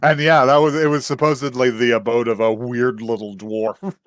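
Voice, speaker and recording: A man recaps an anime episode in relaxed podcast banter. His voice sits at a middling pitch, recorded dry and close with no room sound. He laughs often and slips into little acted quotes between many fillers. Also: normal speed, no echo. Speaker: podcast co-host.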